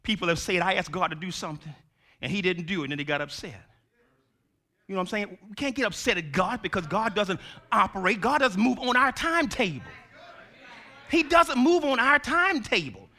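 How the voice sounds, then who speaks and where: A male preacher giving a sermon in call-and-response style, swinging from shouts to hushed tones. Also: high-pitched, quick pace.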